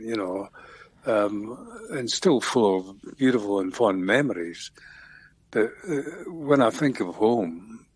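An older man with a Scottish accent, a songwriter being interviewed on radio, talking in a reflective, unhurried way with many pauses and restarts. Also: on the low side, husky, no room sound. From Scotland. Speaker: guest songwriter.

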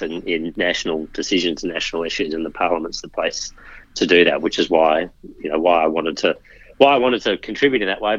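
A man, a politician guest, talking in a measured way with frequent restarts in a casual interview. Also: sits low, fairly bright tone, muffled recording. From Australia.

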